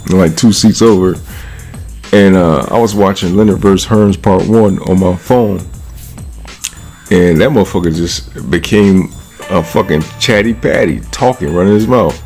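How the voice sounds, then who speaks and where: A man from California with a deep, gravelly voice rambles through a casual monologue. He is full of slang and swearing, and he keeps checking in with his listener while chuckling between stories. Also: a little mellow. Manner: slangy, profane, laughs often, repeats "you know what I'm saying". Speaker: vlogger.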